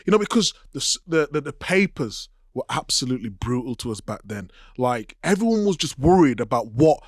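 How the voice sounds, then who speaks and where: A man co-hosting a casual chat, emphatic and animated, laughing a lot. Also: mid-range voice, fairly quick, no echo, clean studio sound. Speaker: podcast co-host.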